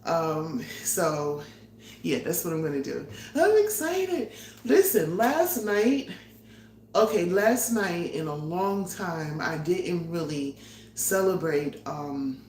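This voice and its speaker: A chatty, excitable middle-aged woman talks to her live chat while she gets ready to cook, a little out of breath and quick to laugh. Her voice sits on the low side for a woman. The sound is roomy and echoey, recorded from a tripod-mounted camera, with a faint hum underneath. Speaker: vlogger hosting a live cooking stream. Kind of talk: casual live-stream chat. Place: her home kitchen. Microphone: phone or camera on a tripod.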